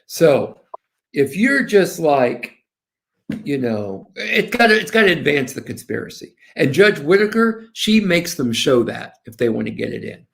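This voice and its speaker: An older man in his sixties, from the American South, talks as a guest lawyer in a relaxed interview. His voice has a gravelly, rough edge, and he tells stories with plenty of animation, slipping into the voices of the people he quotes. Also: fairly high pitch, a little slow. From Southern United States. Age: 60s. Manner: animated, storytelling, quoting others. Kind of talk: casual interview talk.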